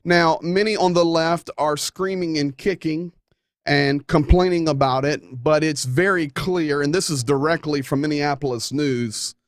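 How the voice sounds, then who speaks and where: A man's voice: fairly high pitch, fairly even intonation, a little slow, no echo, clean studio sound. A man hosting a talk show, delivering a folksy, emphatic monologue with playful asides. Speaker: show host.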